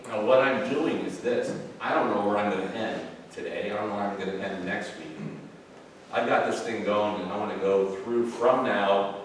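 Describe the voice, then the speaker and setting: Man, Bible class teacher, halting and informal, recorded far off in a reverberant room with background noise. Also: on the low side. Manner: conversational, halting, with many fillers and restarts. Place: church classroom. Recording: very echoey room, far from mic.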